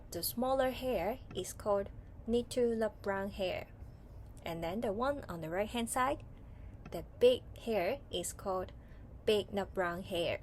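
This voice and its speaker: A woman's voice: medium pitch, darkish tone, a little hiss or hum. A woman with a Hong Kong English accent teaching a children's online English reading lesson, patient and asking questions. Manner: patient, asks questions and waits.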